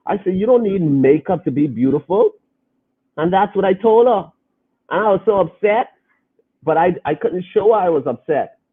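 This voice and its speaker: A man's voice: high voice, expressive, moderate pace, husky. Earnest man on a phone-like line. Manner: earnest, preacher-like, repeats phrases for emphasis. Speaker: podcast host reading viewer comments. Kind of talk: casual live-stream talk. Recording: phone-like lo-fi audio.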